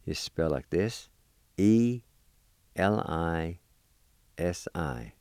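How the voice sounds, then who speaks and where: A man teaching vocabulary, patiently spelling each word letter by letter and repeating it slowly. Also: low-pitched, animated, darkish tone, clear, resonant tone, no echo. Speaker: language teacher. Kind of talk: slow spelling and pronunciation lesson.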